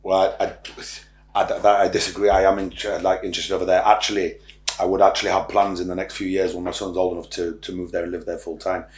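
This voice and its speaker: A man's voice: sits low, level tone, fast talker. A middle-aged man from Ireland, a podcast guest, talking bluntly and rambling, with frequent swearing. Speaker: podcast guest, social media influencer. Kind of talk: casual interview talk. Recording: roomy echo.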